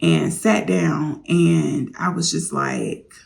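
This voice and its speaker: A woman's voice: deep voice, wildly swooping pitch, takes it slowly, gravelly. A woman vlogger candidly telling a personal story, confiding straight to her viewers.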